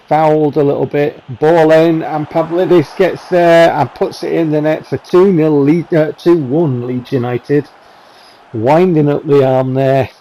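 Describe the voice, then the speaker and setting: A man with a warm, low-toned voice and a gravelly edge narrates football game highlights as a voice-over. He wanders into self-mocking asides, then gets animated calling the chances and goals. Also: low-quality recording. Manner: excited calls on goals and near misses. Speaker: gaming channel host. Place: recorded voice-over while editing.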